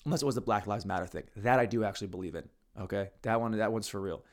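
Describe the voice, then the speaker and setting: A man with a fairly low voice talks fast while hosting a podcast alone. He rambles crudely through a casual monologue full of mumbles and restarts, recorded on a podcast microphone.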